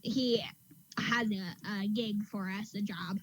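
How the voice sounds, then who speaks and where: A woman's voice: medium pitch, steady tone, slow, slightly rough, poor audio. A woman playing a tabletop game over a call, talking casually and bluntly. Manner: casual, blunt, says "dude" and swears. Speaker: player.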